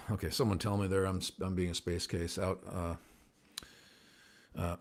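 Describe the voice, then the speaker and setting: A man's voice: on the low side, gravelly. A man hosting a casual livestream show, talking to viewers at home in an earnest, rambling way that sometimes gets worked up. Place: at home by a window, indoors.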